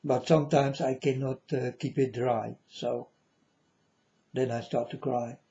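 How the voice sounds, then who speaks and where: Man, slow halting delivery, mellow dark tone, solemn, repeats himself, muffled low-fi recording. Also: fairly even intonation. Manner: solemn, halting, repeats phrases, sometimes loud. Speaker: self-styled prophet. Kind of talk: religious monologue to viewers.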